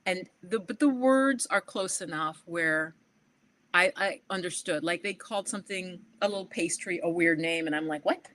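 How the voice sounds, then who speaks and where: A woman's voice: fairly low pitch, moderate pace. Chatty New woman telling travel stories. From New York. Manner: animated storyteller, acts out quoted exchanges, frequent "like" and laughs. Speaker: livestream host. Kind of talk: casual chat to viewers.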